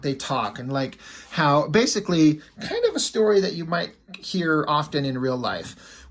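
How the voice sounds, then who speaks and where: A man casually recapping a comic book story in a rambling, filler-heavy way, swearing freely. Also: on the high side.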